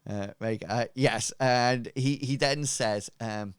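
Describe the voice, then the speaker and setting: A man narrating as game master in an online tabletop game, casual and halting with many fillers. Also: mid-range voice, smooth, no echo, clean studio sound.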